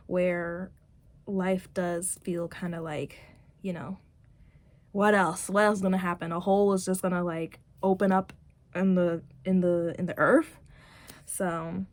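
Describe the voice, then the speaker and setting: A woman's voice: lowish voice, darkish tone. A woman vlogger chatting casually, rambling with many fillers as she retells a story. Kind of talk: casual chat.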